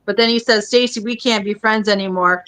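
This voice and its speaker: Midwest lady w/ minnesota accent, chatty and rambly, bright voice. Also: medium pitch, steady tone, a little fast, clear, resonant tone. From American Midwest. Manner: chatty, rambling, frequent fillers. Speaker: podcast host. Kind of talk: casual chat.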